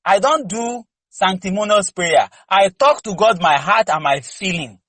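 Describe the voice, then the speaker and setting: A lay preacher with a high, animated, somewhat slow voice that sounds pushed, bright, and slightly rough exhorts a congregation fervently in a preaching and teaching session. He uses rhetorical questions and candid personal stories, and the rough recording has no echo.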